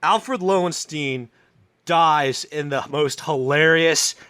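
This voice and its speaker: A man's voice: a little high, slow pace, pushed and bright, clean tone, no echo. A man co-hosting a comedy podcast, telling a story in a loose, profane, laughing way.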